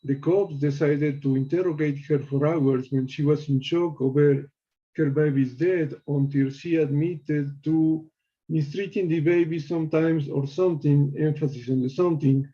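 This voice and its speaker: A man with a very dark, mellow tone calls in over a muffled, lo-fi connection. He reads prepared commentary in a measured way with small slips, and his voice sits a bit high for a man. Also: fairly even intonation. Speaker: caller.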